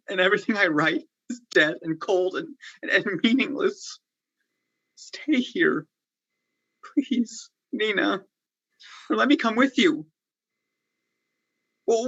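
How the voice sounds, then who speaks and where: A man's voice: sits high, expressive, takes it slowly, long pauses, fairly bright tone, breathy edge, muffled recording, exaggerated voice. A man playing Konstantin, a lovesick young playwright, in a virtual play reading; he stammers and pleads. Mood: pleading. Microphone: video call.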